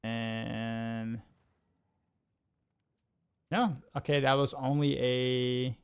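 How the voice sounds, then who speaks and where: Gravelly-voiced man chatting on stream. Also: medium pitch, fairly even intonation, drawn-out words. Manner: rambling, many "like" fillers and repeats. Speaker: game streamer. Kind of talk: casual livestream chat while gaming.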